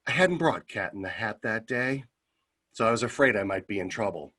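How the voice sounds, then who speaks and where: A middle-aged man, a service club member, giving a speech that tells a lively anecdote, with many fillers as he talks. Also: on the low side, a little fast, slightly rough. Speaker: Kiwanis club member giving a convention message. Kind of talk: storytelling speech.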